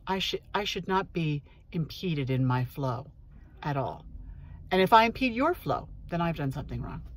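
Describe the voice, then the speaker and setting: Earnest woman reflecting from her car. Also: lowish voice. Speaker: host. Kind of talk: candid personal monologue. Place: parked car in a parking lot.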